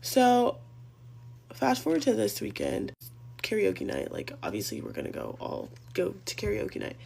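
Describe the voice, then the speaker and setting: Young woman, chatty storytime vlogger, gravelly fry, faint hum behind. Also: medium pitch, huge pitch swings, normal speed, dark tone. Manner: chatty, rambling, profane. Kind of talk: casual storytime vlog.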